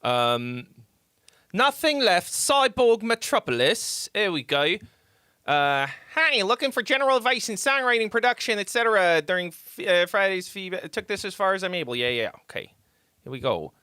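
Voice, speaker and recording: A man with a high, bright, forceful voice swings widely in pitch at a moderate pace, sounding clear and resonant in a studio-quality recording with no room sound. He's a livestream host reviewing songs, reading chat messages aloud and joking around with loose, profane banter.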